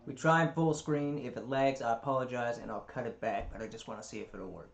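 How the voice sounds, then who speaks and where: A man's voice: medium pitch, fairly even intonation, brisk, creaky, echoey room, heavy background noise. A man hosting a reaction video, talking in a laid-back, hyped way and swearing freely. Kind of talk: casual reaction chat.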